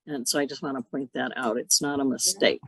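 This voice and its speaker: A woman's voice: extremely low pitch, fairly even intonation, a little fast, no echo, poor audio. A woman teaching an online workshop on listening, explaining patiently with anecdotes. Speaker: workshop instructor. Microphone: video call.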